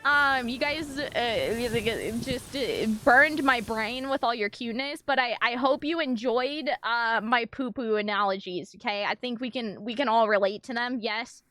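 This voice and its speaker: A woman's voice: on the high side, unhurried, few pauses, bright, forceful tone, faint music behind. A young woman streaming live, chatting casually with her viewers in a giggly, rambling, apologetic way.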